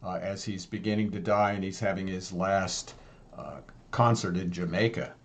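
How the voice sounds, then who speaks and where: A man's voice: sits low, normal speed. A man co-hosting a casual talk show, upbeat and jokey, with many fillers. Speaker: co-host. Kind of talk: casual chat.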